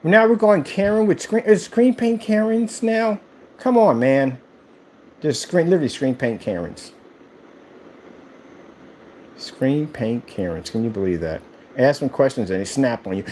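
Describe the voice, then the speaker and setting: A man's voice: medium pitch, lively intonation, measured pace, long pauses, mellow, slight background noise. A man who owns a screen paint company, ranting casually on a livestream and firing off rhetorical questions.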